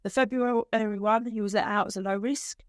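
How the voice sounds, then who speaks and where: A middle-aged woman, a guest on a podcast, telling her story emotionally, with halting restarts. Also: mid-range voice, steady tone, dry recording, studio quality. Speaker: guest, bereaved mother. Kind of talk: podcast conversation.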